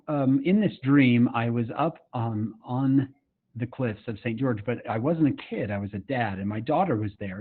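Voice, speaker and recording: A middle-aged summit speaker from Utah, USA, tells a personal story to the audience in an earnest, conversational way, full of fillers and asides and often pausing to ask listeners a question. His voice is at an ordinary pitch, and the audio sounds thin and tinny, like a phone line.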